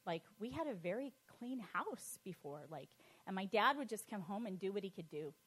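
A woman, middle-aged, telling her personal testimony in a lively, animated way, laughing often and acting out the voices she quotes. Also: mid-range voice, moderate pace, slightly rough.

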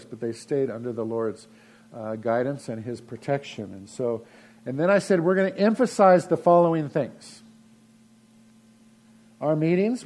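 A man's voice: mid-range voice, mellow. A man preaching a sermon as pastor of his church, in a folksy, conversational way with frequent restarts.

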